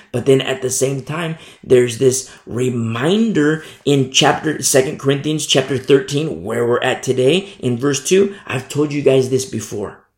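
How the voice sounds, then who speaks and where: A man delivers a sermon in a roomy, echoing space, his gravelly voice sitting at an average pitch. He repeats key phrases and cites scripture verse by verse, stumbling over words now and then. When he presses a point, his voice climbs high. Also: darkish tone. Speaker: preacher. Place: church.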